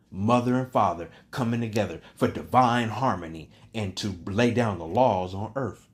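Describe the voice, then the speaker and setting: A man giving an emphatic preaching monologue as a spiritual teacher. He builds his points through repeated refrains and swings between raised, loud stretches and hushed ones. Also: medium pitch.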